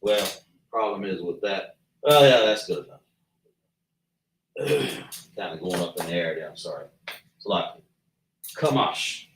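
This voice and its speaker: A man teaching a slow lesson at a chart, patiently breaking down and repeating sounds as he writes them out. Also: low-pitched, distant mic, slight background noise. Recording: echoey room, voice from afar.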